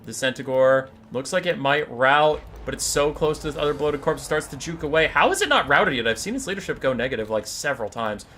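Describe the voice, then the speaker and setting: Bright, irreverent male game commentator. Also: on the high side, fairly quick, hardly any pauses, a little hiss or hum. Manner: animated, irreverent, swears casually. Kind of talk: casual gameplay commentary and storytelling.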